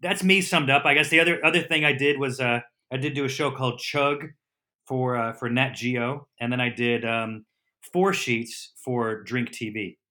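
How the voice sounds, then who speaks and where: A middle-aged man, a comedian and TV host, telling a casual, rambling story as a podcast guest and correcting himself as he goes. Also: medium pitch. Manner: lively, rambling storyteller with quick self-corrections.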